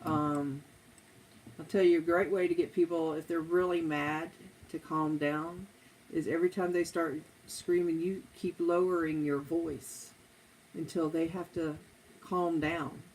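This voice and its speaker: A middle-aged woman chats casually on a live stream. She rambles easily from one topic to another in a lowish voice, with a faint hum of ambience behind her. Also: fairly even intonation, a little slow, darkish tone, low-quality recording. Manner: rambling, chatty, drifting between topics. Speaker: streamer chatting with viewers.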